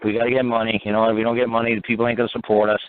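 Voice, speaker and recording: A man's voice: mid-range voice, level tone, very fast, clear, resonant tone. A man hosting a radio talk show, rambling and profane, who keeps repeating "you know what". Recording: narrow phone-like radio audio.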